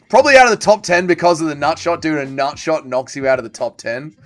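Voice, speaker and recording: Guy hosting a stream, kinda high voice, reading chat and joking around. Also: fairly quick, fairly bright tone. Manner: joking, reads chat aloud and answers. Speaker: livestream host. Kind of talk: casual chat reading viewer comments.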